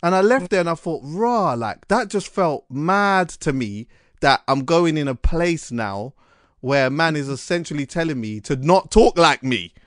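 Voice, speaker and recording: A man, hosting a podcast and telling stories in an animated, slangy way. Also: on the high side, moderate pace, dry recording, clean studio sound. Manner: animated storytelling with slang and restarts. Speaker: podcast host. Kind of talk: casual chat.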